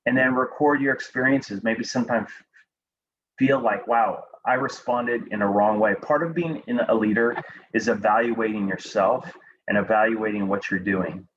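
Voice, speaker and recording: A man giving a devotional talk and prayer to students, speaking calmly and unhurriedly with frequent ums and restarts. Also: lowish voice, moderate pace. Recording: dull lo-fi recording with faint background noise.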